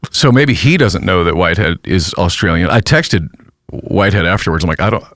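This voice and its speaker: A man with a low-pitched voice chats casually on a podcast, telling a self-deprecating story. He restarts his sentences often. The sound is dry and close. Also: lively intonation, a little fast, fairly bright tone, dry recording. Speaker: pastor and podcast host. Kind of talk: casual chat.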